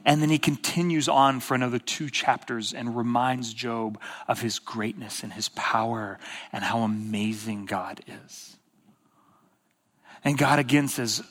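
A pastor giving a sermon in a casual storytelling manner, swinging from emphatic bursts to hushed quiet. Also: male voice, medium pitch, measured pace. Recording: long reverb of a large hall.

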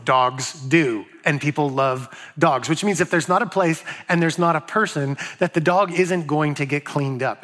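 Man preaching, pastor, loose storytelling, jokey asides, fairly high voice. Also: fairly bright tone. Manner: conversational, joking storytelling with asides to the audience. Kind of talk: sermon.

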